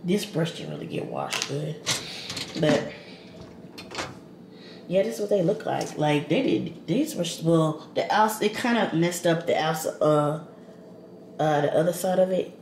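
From her home kitchen, a woman vlogs casually to camera, chatty and rambling with plenty of slang, calling her viewers "y'all" and "girl." Her deep voice is very animated, a little slow and a little mellow, with long pauses, in an echoey room with background noise.

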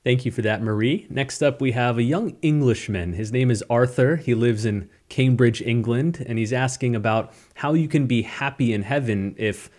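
Casting: a man of medium pitch, a show host reading an introduction. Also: moderate pace, few pauses, a little mellow.

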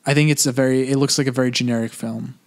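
Male co-host, casual movie chat, agreeable interjections, average pitch. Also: steady tone. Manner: chatty, quick agreeing interjections, gives verdicts. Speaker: podcast co-host.

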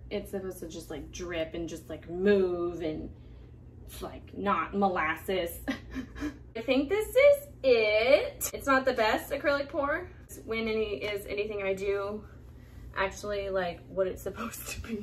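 A young woman vlogging casually, excitable and quick to gasp and exclaim. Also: a little high, a little hiss or hum. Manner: excitable, gasping, exclaims often. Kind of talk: casual vlog narration.

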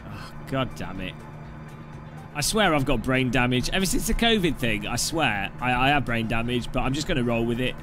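A man's voice: mid-range voice, lively intonation, moderate pace. Chatty man live-streaming a game. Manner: chatty, jokey, swears casually. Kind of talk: casual gaming live-stream chat. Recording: clear background music. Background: background music.

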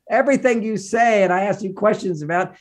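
A man with a fairly high voice talks as a relationship counselor and author on a podcast. He lectures with emphasis and pushes his pitch and volume up to drive a point home. He often repeats phrases in lists. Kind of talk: animated advice talk in an interview.

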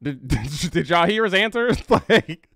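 Animated man hosting a reaction stream. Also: high-pitched, a little slow, no room sound. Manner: animated, laughing, chatting with viewers. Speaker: reaction video host. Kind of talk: casual livestream reaction chat.

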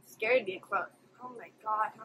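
A woman's voice: medium pitch, moderate pace, slight background noise, low-quality recording. A woman hosting an anime reaction video, exclaiming and gasping as she watches. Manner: expressive, exclaiming and gasping at the screen. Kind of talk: live reaction commentary.

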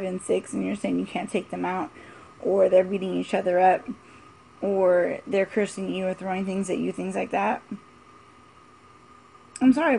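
Mom vlogger in her forties with a fry-edged voice, speaking bluntly and repeating her points. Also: mid-range voice, warm tone, slight background noise. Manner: emphatic, blunt and repetitive. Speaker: mother vlogger. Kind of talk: casual opinion vlog.

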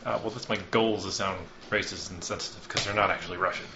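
A man's voice: low-pitched, steady tone, quick pace, background noise. A man hosting a podcast and narrating a tabletop game as game master, casual and joking with lots of ums. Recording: dull, roomy lo-fi recording.

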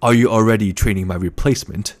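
A man's voice: fairly low pitch, moderate pace, darkish tone, close to an everyday voice. Man playing venomous male mentat, proud, defensive, biting, audiobook.

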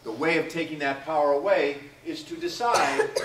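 A man's voice: on the high side, steady tone, measured pace. A male teacher lectures a class, calling on students by name and acting out what people say. He is picked up from a distance in a reverberant classroom, with a faint hum behind him. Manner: questions students by name, acts out quoted lines. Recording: echoey classroom from far off.

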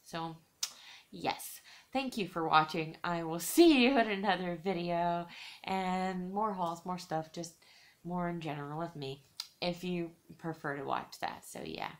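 A woman's voice: on the low side, measured pace. A woman chatting in a casual haul vlog, rambling with lots of "like" fillers and giggly, self-teasing asides. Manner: chatty, rambling, heavy use of "like". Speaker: beauty vlogger.

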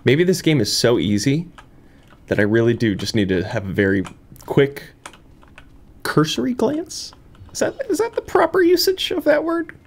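A man doing let's-play commentary, talking to himself in a rambling, self-mocking way. His pitch swings wildly from low mutters to high squeals. Keyboard typing can be heard faintly behind him. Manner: rambling and self-mocking, with frequent laughs and high excited outbursts. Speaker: gaming YouTuber. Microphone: desk microphone.

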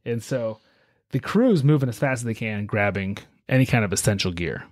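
A man hosting a podcast, telling a story in a relaxed, chatty way with lots of fillers. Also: on the low side, moderate pace, no echo, clean studio sound. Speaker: podcast host. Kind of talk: casual storytelling chat.

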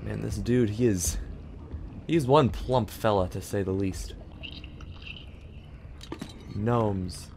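A man's voice: on the low side, takes it slowly, vocal fry, pauses often, a little mellow, slight background noise. A man commenting casually on a game as he plays, joking and talking to the character on screen. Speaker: gaming channel host. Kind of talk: casual let's-play commentary. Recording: game music playing behind.

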